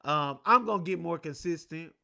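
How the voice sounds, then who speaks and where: A man's voice: fairly high pitch, moderate pace, creaky, sharp tone. A man hosting his own sports talk show, rambling loosely and profanely in a casual solo chat. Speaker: podcast host.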